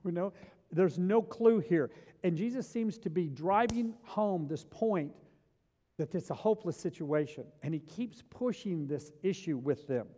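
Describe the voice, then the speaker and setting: High-voiced preacher in an echoing hall. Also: male voice, a little slow. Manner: animated, repeats words, acts out biblical scenes. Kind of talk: sermon. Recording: long hall reverb.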